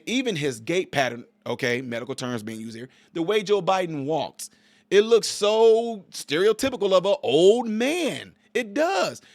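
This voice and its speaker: A man's voice: fairly high pitch, no room sound. A man hosting his own channel, giving emphatic political commentary straight to his viewers and closing with a sermon-like blessing. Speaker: channel host.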